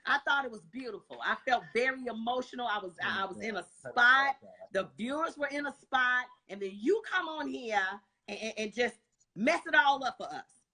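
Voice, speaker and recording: A woman's voice: on the high side, normal speed, sharp tone. A woman hosting a live stream show, gushing and effusive in casual chat.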